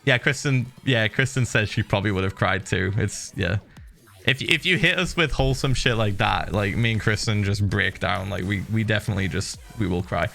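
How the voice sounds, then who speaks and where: A middle-aged man streaming, casually telling viewers a story with lively laughs and the odd swear. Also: on the low side, fairly quick, creaky, faint music behind.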